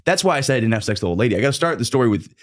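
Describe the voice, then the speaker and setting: A man's voice: medium pitch, big pitch swings, very fast, no room sound, studio quality. A young man telling a rambling comedic story in casual chat, laughing mid-sentence and swearing often. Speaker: storyteller guest.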